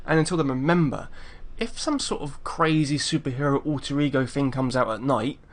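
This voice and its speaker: Brief: English man hosting a casual reaction video, easygoing and chatty, mid pitch, faint music under. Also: a bit bright. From England. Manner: laid-back, chatty, meandering. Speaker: YouTube reaction host.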